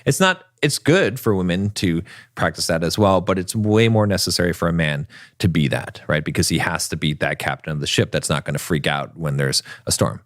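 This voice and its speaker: A man's voice: low voice, brisk, no echo, studio quality. A man co-hosting a podcast, explaining his views in a lecturing way, with dramatic put-on voices for quotes. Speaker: podcast co-host. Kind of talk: casual podcast discussion.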